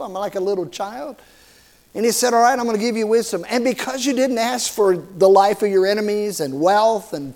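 Slow-preaching high-voiced man pastor. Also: a little mellow. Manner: preaching with rhetorical questions and little jokes, repeats words. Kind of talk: sermon.

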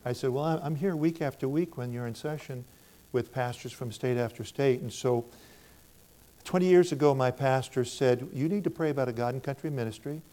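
Mellow older American preacher telling stories. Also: male voice, medium pitch, brisk. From United States. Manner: storytelling, acts out both sides of conversations in a raised voice. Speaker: minister speaking to a church. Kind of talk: preaching testimony.

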